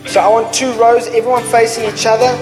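A man leading a church gathering, calmly giving instructions to the congregation. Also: very high-pitched, a little fast. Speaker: church leader. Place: church hall. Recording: echoey hall with loud music behind.

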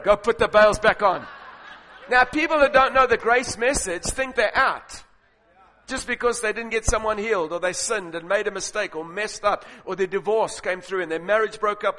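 A man preaching a sermon in an animated, humorous storytelling way, acting out scenes. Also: extremely high pitch. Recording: long hall reverb.

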